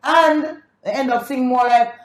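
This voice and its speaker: A Jamaican woman, a reggae singer, telling animated stories about her early career in a casual interview, slipping into patois. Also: high-pitched, normal speed, reverberant. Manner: lively, sings snatches of songs, patois-laced.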